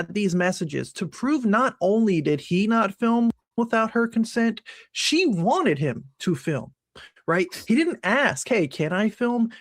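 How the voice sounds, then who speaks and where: A man's voice: sits high, no echo. A man narrating scripted commentary in a wry, matter-of-fact way. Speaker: YouTube commentator.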